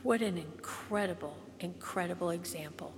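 A woman pastor preaching a sermon slowly and gently, sometimes softening to a near whisper. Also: fairly low pitch, long reverb tail, noisy background. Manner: slow, gentle, drops to soft whispers on quoted lines.

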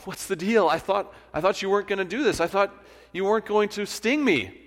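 A man voicing a betrayed frog that pleads in a high, rushed voice. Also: animated, long reverb tail. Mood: dismayed. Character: betrayed frog, panicked and dismayed.

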